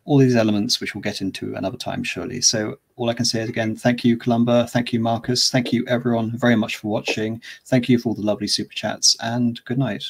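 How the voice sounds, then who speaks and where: An English man from the West Country with a standard English accent, hosting a livestream and speaking in a measured, formal way with many ums. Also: mid-range voice, flat delivery, gravelly, slightly rough. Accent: standard English, not West Country. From West Country of England. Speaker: host. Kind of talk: livestream chat and sign-off.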